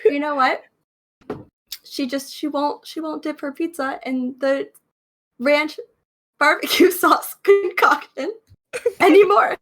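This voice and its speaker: A woman's voice: sits high, slow, pauses often, fairly bright tone. A woman playing her character in a tabletop role-play, bantering in a playful, indignant way.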